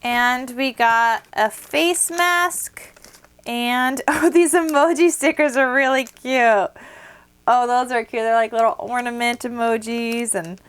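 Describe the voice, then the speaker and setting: A woman's voice: fairly high pitch, slow pace, a bit bright, clean tone. A young woman vlogger chatting casually and gushing while unboxing craft gifts at her desk at home, a little out of breath. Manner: chatty, gushing, many fillers.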